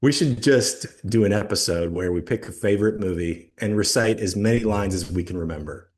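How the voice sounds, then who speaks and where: A man co-hosting a podcast with a fairly low voice. He talks in an easygoing, relaxed way during casual banter. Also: a little fast. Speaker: podcast co-host. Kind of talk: casual chat.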